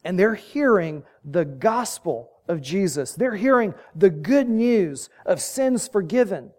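A man's voice: sits high, lively intonation, takes it slowly, a little mellow. A man preaching a sermon, telling the story vividly and building to emphatic peaks.

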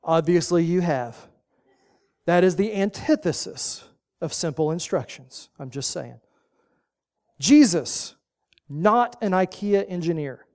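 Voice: mid-range voice, animated, slow pace, long pauses, darkish tone. A pastor preaching a sermon, folksy and emphatic, driving points home with short repeated commands.

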